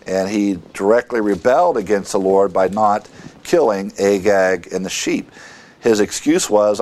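A man teaching a verse-by-verse Bible lesson, reading scripture aloud and explaining it with halting asides and fillers. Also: on the low side, a little mellow.

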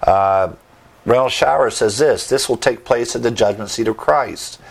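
A man's voice: medium pitch, moderate pace, creaky. A man preaching a sermon, teaching verse by verse with emphatic asides and rhetorical questions. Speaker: pastor.

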